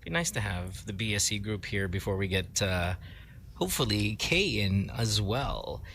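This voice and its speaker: A man's voice: on the low side, big pitch swings, normal speed, vocal fry, fairly bright tone, a little hiss or hum. A man hosting a morning radio show, teasing his co-host and laughing often. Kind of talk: casual morning radio banter.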